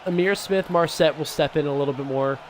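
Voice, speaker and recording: A young man giving casual, excitable commentary over a football video game, swinging between hype and grumbling. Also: a little high, a little fast. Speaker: gaming YouTuber. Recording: noisy background.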